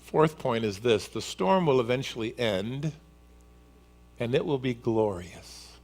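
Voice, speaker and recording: Animated male pastor preaching. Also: medium pitch, a little slow. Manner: animated storyteller who acts out scenes. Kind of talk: sermon.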